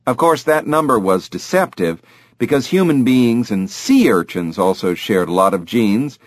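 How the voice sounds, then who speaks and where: A man's voice: medium pitch, sing-song, moderate pace, no echo, clean studio sound. A man reading an audiobook in a scripted narration style.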